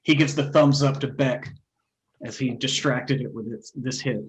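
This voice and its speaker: A man playing a tabletop role-playing game, casually working out damage totals out loud with a relaxed manner. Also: medium pitch, normal speed, breathy edge, low-quality recording. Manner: relaxed, talks through dice math with fillers. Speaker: player.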